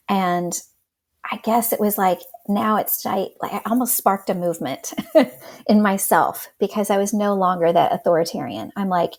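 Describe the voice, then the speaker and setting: A woman teacher talks in a casual interview, her voice gravelly with fry at mid pitch. She speaks with animation and slips into quoted classroom lines as she tells her story. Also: normal speed, a little mellow.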